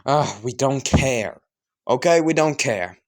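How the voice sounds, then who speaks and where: A man's voice: medium pitch, lively intonation, slow pace, a little mellow. A man doing a sneering drunk abusive dad. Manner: sneering, cursing, barking orders. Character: drunk abusive father, cruel and mocking.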